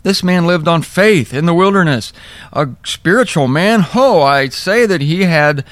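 A man's voice: a little high, animated, unhurried, no room sound. A middle-aged man hosting a daily Bible talk, telling stories with humor and mocking asides in a conversational sermon style.

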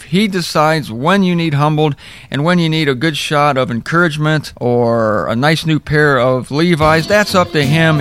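A man's voice: on the high side, a bit bright, clean tone, dry recording. Wry, storytelling male Bible teacher. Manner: humorous storytelling with mocking asides. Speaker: Bible teacher hosting a daily talk. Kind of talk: conversational sermon.

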